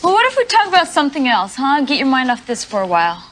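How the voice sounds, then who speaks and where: An actress playing a young woman who speaks in a gentle, reassuring way. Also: high voice, big pitch swings, fast, slight background noise, poor audio. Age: young adult.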